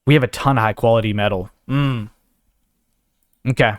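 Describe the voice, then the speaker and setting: In studio-quality audio free of echo, a man with a medium-pitched voice and moderate pace hosts a gaming video. He has the hiccups and rambles, thinking aloud as he sorts his inventory during casual let's play commentary.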